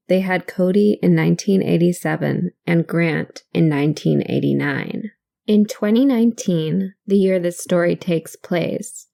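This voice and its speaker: A woman's voice: lowish voice, gravelly, warm tone. Nasal woman with a cold narrating. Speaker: guest podcast host. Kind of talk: scripted true crime narration.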